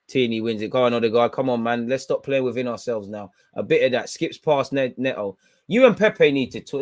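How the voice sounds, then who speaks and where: A man's voice: medium pitch, fairly quick, a little mellow, no echo. A young man giving blunt, slangy, frustrated running commentary while watching a football match live. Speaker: football fan channel host.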